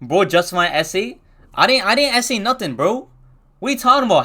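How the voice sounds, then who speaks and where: A man's voice: high voice, very animated, fairly quick, pushed and bright. A young man casually telling a rambling storytime, full of slang and restarts.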